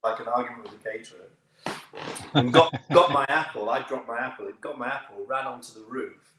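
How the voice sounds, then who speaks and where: Lively man telling stories. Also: medium pitch, brisk, a little hiss or hum. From United Kingdom. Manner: lively storyteller, laughs often, acts out other voices. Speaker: actor, interview guest. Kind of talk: anecdotal interview chat. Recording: roomy echo.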